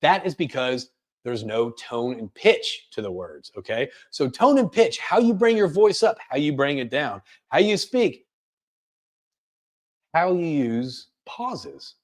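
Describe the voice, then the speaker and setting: A man presenting a career coaching webinar, speaking rapidly and energetically with frequent fillers and restarts. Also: a little high, very animated. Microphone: webinar microphone.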